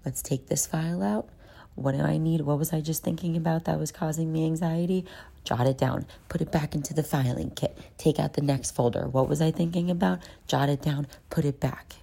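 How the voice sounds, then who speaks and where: A woman talks through a casual self-help voice note, profane and loose, and often drops to a whisper. Her voice sits extremely low, with a dark, gravelly creak. It sounds recorded on a phone. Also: fairly quick. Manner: chatty, profane, slips into whispers. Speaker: vlogger.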